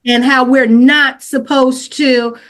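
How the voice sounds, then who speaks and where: A woman telling her own story as a podcast guest, casual and slangy, acting out what she said back then with lots of fillers and restarts. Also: slow pace. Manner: animated retelling, acts out her own quoted lines louder and higher.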